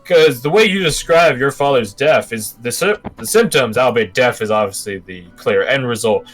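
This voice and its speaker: A man voicing a fussy, learned male gentleman who speaks politely and formally, with background music. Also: medium pitch, expressive, normal speed, voice pushed up. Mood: explaining.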